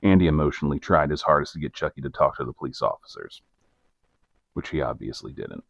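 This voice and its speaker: A man co-hosting a podcast, narrating a case in a deadpan, measured true-crime style with a very deep, gravelly voice. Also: dry recording, dull audio.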